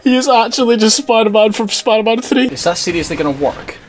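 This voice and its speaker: A man's voice: sits high, expressive, quick pace. A young man giving sarcastic, profane let's-play commentary on a video game, laughing often. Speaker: gaming video creator.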